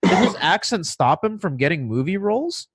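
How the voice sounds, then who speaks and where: A man's voice: sits high, very animated, normal speed, crowd noise. A man co-hosting a podcast, making an argumentative case and explaining his points directly to the listeners. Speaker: podcast co-host. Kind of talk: conversational podcast commentary.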